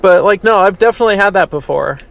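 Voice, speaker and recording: Male co-host, high and gravelly, relaxed and agreeable. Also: fast talker. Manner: easygoing, short agreeable replies. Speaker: podcast co-host. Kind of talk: casual chat.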